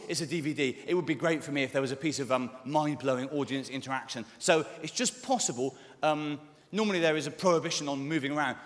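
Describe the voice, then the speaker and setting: Fast-talking English stand-up man, roomy hall. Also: fairly high pitch. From England. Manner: rambling, self-mocking, quick asides and sudden shouts. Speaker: stand-up comedian. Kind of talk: live stand-up with crowd banter. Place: large theatre with a live audience. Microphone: stage microphone. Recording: roomy live theatre recording with crowd noise. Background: audience laughter and cheering.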